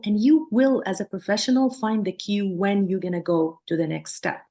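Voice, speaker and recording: A woman's voice: medium pitch, fairly even intonation, moderate pace, hardly any pauses, dark tone. Earnest woman psychologist teaching. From Palestine, raised in Jordan. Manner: earnest, explanatory, demonstrates soothing sing-song tones. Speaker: psychologist and lecturer. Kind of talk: teaching a workshop.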